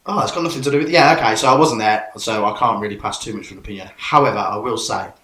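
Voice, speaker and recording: A man co-hosting a casual podcast chat, jokey and quick to laugh. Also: fairly low pitch, pushed and bright. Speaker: podcast co-host. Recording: echoey room.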